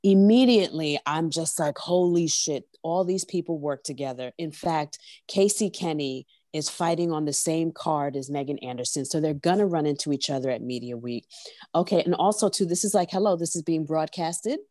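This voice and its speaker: A woman co-hosting a casual podcast discussion from her workplace, talking in an animated, slangy way full of rhetorical questions. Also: sits low, a little fast, dry recording, studio quality. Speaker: podcast co-host.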